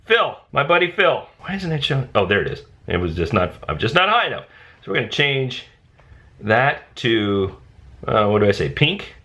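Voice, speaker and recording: A man hosting a casual software tutorial, thinking aloud and bursting into excitement when things work. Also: mid-range voice, normal speed. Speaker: design tutorial host.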